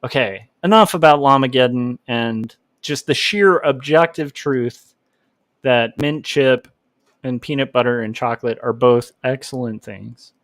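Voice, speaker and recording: A man's voice: medium pitch, measured pace, fairly bright tone, no echo. A man hosting a casual livestream, reading chat and rambling with lots of filler words. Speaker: livestream host, comic artist.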